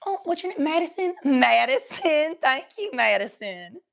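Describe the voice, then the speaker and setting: A young woman from Cincinnati, talking in a put-on Southern drawl during a casual livestream chat, crude and rambling, high and coughing now and then. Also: very animated, moderate pace, vocal fry, a bit bright, a little hiss or hum. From Cincinnati, Ohio.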